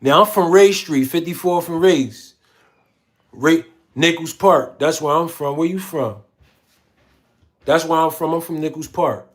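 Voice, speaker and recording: A man's voice: a little high, a little slow. A man hosting a casual livestream, reading viewer comments aloud in a slangy, laid-back way. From Philadelphia. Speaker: livestream host.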